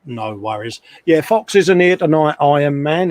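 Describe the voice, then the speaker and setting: A man's voice: fairly high pitch, expressive, normal speed, a little mellow, no room sound. Chatty self-mocking man. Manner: chatty, self-mocking, frequent laughs and asides. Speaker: livestream host. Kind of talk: casual live chat while hobby modelling. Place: home hobby workshop. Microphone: desk microphone.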